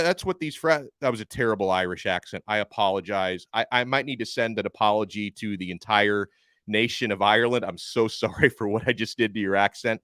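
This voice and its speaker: A man's voice: mid-range voice, a bit bright, no echo, clean studio sound. Upbeat man hosting a sports podcast. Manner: conversational, upbeat, self-deprecating. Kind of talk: casual sports analysis.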